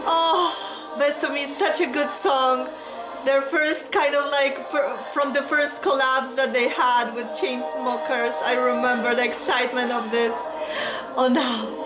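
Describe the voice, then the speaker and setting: A woman hosting a reaction video, gasping and exclaiming breathlessly with excitement. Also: high-pitched, a little slow. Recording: roomy echo with music playing behind. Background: the reacted music video's music.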